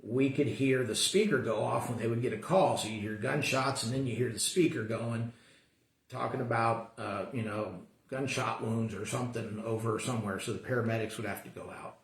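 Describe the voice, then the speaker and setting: A man from the American suburbs teaches a Sunday school class, talking casually and earnestly about the Bible and often restarting his sentences. His voice is medium-pitched, his pace moderate, and the room is echoey.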